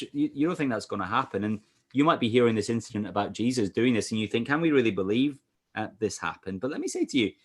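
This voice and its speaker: Male pastor, video-call sermon, expressive and animated delivery with fillers. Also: medium pitch. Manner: animated, rising for emphasis, with frequent fillers. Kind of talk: evangelistic talk over a video call.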